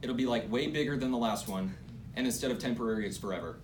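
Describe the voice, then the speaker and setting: A young man playing a bumbling, self-satisfied president in an amateur comedy skit, halting and stumbling over his words, giggly. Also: medium pitch, distant mic, natural voice. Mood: smug. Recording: noisy amateur recording.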